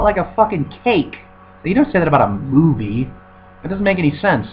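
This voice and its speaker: A man's voice: mid-range voice, big pitch swings, moderate pace. A man giving a sarcastic, profane, rambling review of a film in casual chat, full of fillers. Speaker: movie reviewer. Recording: dull recording with faint hum.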